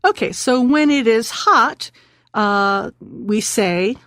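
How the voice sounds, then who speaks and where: A woman's voice: a little high, animated, a bit bright, no room sound, studio quality. Woman teaching a patient radio language lesson. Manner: patient teacher, slows and repeats words.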